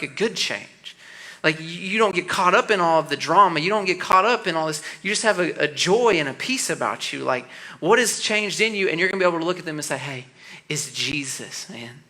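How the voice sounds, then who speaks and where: A man in his thirties preaching a youth sermon, telling a story with animated energy and then dropping into soft, earnest appeals. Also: fairly high pitch. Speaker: youth pastor.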